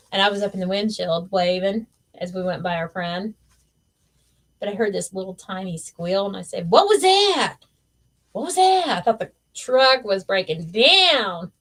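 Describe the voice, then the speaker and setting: A woman's voice: lowish voice, moderate pace, a bit bright. Chatty teasing woman crafting on a livestream. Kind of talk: casual chat while crafting.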